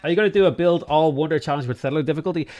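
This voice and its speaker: A man's voice: a little high, rapid-fire, a little mellow, lo-fi sound, faint music behind. A man with a Dublin Irish accent giving chatty live gameplay commentary, swearing freely with bursts of exasperation. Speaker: game streamer.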